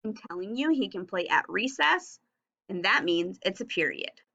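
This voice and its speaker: A woman teaching a recorded phonics and punctuation lesson for young children, speaking slowly and enunciating each word and sound clearly. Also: mid-range voice, lively intonation, pushed and bright, dull audio.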